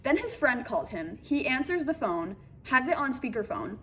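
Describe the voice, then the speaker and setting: A young adult woman telling a dating story to the camera in casual chat, animated and full of "like" fillers. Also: sits high, moderate pace, slight background noise. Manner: animated, acts out voices in quotes, many "like" fillers.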